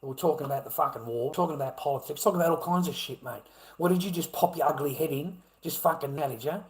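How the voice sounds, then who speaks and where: An Australian man ranting off the cuff on a livestream, swearing a lot and repeating himself, moving from low muttering to shouting. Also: quick pace, poor audio. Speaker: livestream ranter. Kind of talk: profane off-the-cuff rant.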